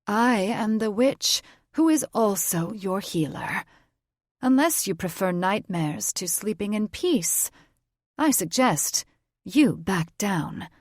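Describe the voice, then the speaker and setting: A woman voicing an elderly, sharp-witted witch grandmother in an audiobook, brisk and scolding. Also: a little high, expressive, no room sound, clean studio sound, pitched above the performer's own voice. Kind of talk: audiobook character voice.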